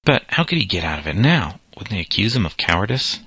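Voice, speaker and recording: A man reading a novel aloud as narrator, steady and measured. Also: fairly low pitch, slightly rough, no room sound.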